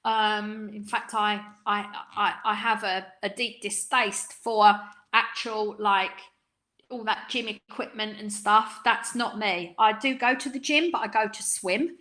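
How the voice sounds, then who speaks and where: A woman's voice: mid-range voice, steady tone, a little slow, pushed and bright. A middle-aged woman from the East End of London with a light London accent, coaching salon owners in a live webinar, chatty, with frequent ums and tag questions like "right?". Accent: London, Cockney undertone.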